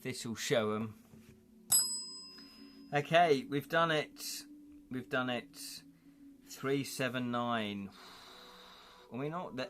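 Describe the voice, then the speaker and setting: A man, hosting a live gamebook play-through with excitable, forgetful chatter and reading the story aloud. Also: mid-range voice, slow pace, long pauses, faint music behind. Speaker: host and gamebook narrator.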